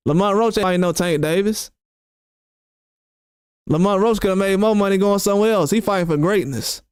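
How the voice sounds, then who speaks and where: High-voiced man ranting about boxing. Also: clean tone, no echo, studio quality. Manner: animated, mocking, quotes critics sarcastically. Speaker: boxing channel host. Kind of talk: opinionated commentary rant.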